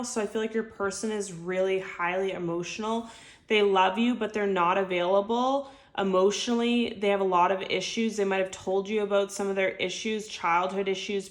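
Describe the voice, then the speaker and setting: A woman giving an intuitive tarot reading to camera, chatty and heartfelt, full of filler words. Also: medium pitch. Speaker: tarot reader. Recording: echoey room.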